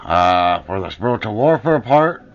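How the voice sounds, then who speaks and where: In a dull lo-fi clip, a man vents at the camera in an angry, profane personal rant, pressing his accusations repeatedly. His fairly low voice is very animated, and he speaks a little slowly.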